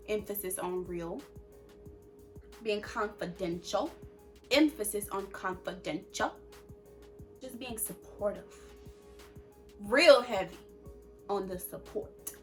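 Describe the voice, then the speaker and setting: A young woman hosting a casual advice chat, talking emphatically and repeating her points like a sermon. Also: medium pitch. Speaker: host.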